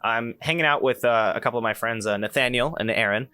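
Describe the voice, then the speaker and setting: Bright-voiced young man telling stories. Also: medium pitch, fast talker, clean tone, dry recording, faint music behind. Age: young adult. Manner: rambling, full of restarts and asides. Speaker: podcast host. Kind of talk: casual podcast storytelling.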